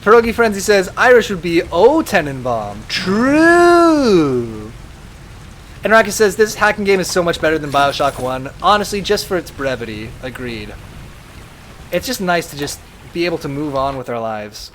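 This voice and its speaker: A young man streaming a video game, chatting casually and reading viewer messages aloud in an animated way. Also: a little high, normal speed, slight background noise. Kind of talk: casual live-stream chat.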